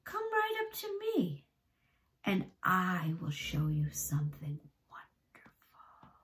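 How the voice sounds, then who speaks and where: A woman's voice: on the low side, very animated, a little slow. A woman reading aloud and voicing a creepy, secretive old man who whispers and then bursts into wild cries.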